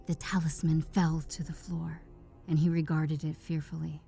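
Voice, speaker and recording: A woman reads a classic horror tale in a lowered, hushed voice, slipping into whispers at tense moments. Her pitch sits on the low side. Quiet music plays beneath her. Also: flat delivery, moderate pace, vocal fry. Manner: hushed, often dropping to a whisper. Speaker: narrator. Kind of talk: scripted horror narration. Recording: faint background music.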